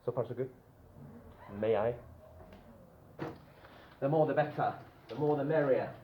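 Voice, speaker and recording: A man teaching a grammar lesson to a class, often checking in with the students and drawing out his example words slowly. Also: medium pitch, slight background noise. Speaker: English teacher. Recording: dull lo-fi classroom recording with room echo.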